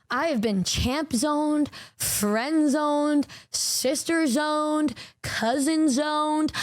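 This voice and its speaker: A young woman VTuber spins stories for her chat in a high, bright-toned voice, stumbling over restarts and swearing freely. The recording is close and dry, with no room sound. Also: no echo. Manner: animated, swearing, stammering, quick restarts. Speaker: VTuber streamer. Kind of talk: casual storytelling to stream chat.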